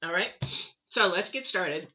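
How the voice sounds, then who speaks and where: A woman's voice: on the low side, lively intonation, measured pace, sharp tone, lo-fi sound. A middle-aged woman giving a casual live tarot reading, chatty and rambling with self-deprecating asides. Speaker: tarot reader.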